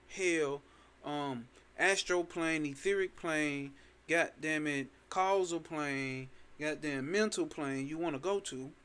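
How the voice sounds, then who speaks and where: A man's voice: on the high side, a bit bright. A man teaching a spiritual text in a casual, emphatic way, repeating lines and cursing freely. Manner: emphatic, repetitive, sprinkled with profanity. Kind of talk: casual spoken commentary on a scripture.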